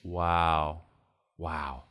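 A man co-hosting a podcast in casual chat, reacting with exclamations and quick laughter. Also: rumbling low, fairly even intonation, sharp tone. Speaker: podcast co-host.

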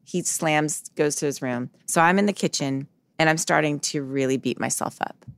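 Low-pitched woman guest on a podcast, dry studio mic, tells stories earnestly and does the dialogue. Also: normal speed, vocal fry, no room sound. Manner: earnest storytelling, acts out quoted dialogue. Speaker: psychologist guest. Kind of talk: podcast interview.

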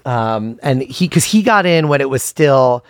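A man's voice: mid-range voice, dry recording, clean studio sound. A man guesting on a podcast, telling family stories casually with wry asides. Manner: wry, animated storytelling with quick asides and laughs. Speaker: comedian guest. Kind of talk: casual storytelling interview.

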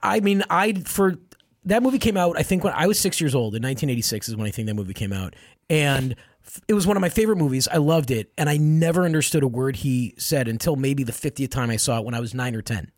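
Man in his forties, comedy podcast co-host, playful, lively pitch, dry close mic. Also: fast, no echo. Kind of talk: casual comedic chat.

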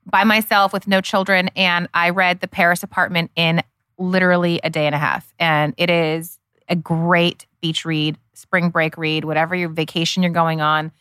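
A woman's voice: on the low side, level tone, moderate pace, a bit bright, smooth, dry recording, clean studio sound. A middle-aged woman co-hosting a podcast in casual chat, enthusiastic and chatty, talking straight to listeners. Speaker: podcast co-host.

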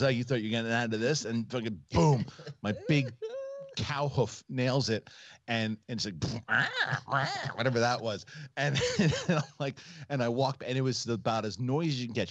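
A man's voice: medium pitch, normal speed, no room sound, lo-fi sound. A man in his forties hosting a casual comedic chat show, telling family stories with lots of swearing and acted-out quotes. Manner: animated storyteller, swears freely, acts out quotes. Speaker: podcast host.

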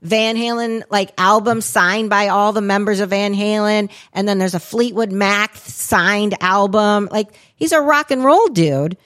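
A woman's voice: mid-range voice, measured pace, hardly any pauses, a bit bright. A woman co-hosting a podcast, telling a rambling story in casual chat, dropping swear words and lots of fillers. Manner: chatty, profane, rambling with many "like"s. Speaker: podcast co-host.

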